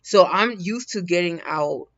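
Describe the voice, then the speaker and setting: A woman's voice: lowish voice, lively intonation, measured pace. A woman hosting a casual livestream, talking in a rambling way with frequent laughs and restarts. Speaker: livestream host. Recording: dull lo-fi sound.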